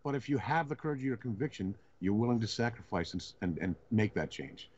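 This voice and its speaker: A man's voice: lowish voice, animated, quick pace, darkish tone, husky, highs cut off. A man talking as a guest on a live show, blunt and insistent, swearing often. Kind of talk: heated live web talk show.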